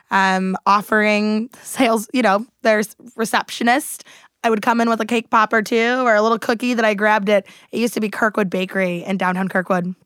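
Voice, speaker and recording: A woman hosting a casual radio talk show from a studio, upbeat and quick to laugh. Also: medium pitch, fairly bright tone, smooth, dry recording. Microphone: studio microphone.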